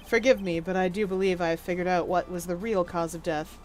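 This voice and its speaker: A woman voicing a cool, formal male prosecutor who lays out his reasoning in a measured, precise way. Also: lowish voice, fairly even intonation, music in the background, voice pushed down, natural voice. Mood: calm, deductive.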